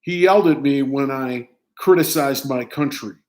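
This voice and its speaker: An American man in his sixties, a writer reading his own personal essay aloud in short, measured, declamatory phrases. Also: mid-range voice, a little mellow. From United States.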